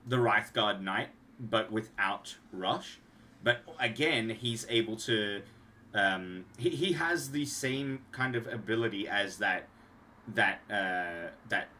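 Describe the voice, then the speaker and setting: A man's voice: lowish voice, sharp tone, a little hiss or hum. A young man, rambling casually on a livestream as he shows off card designs he made, trailing off and restarting often. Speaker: streamer and card game designer.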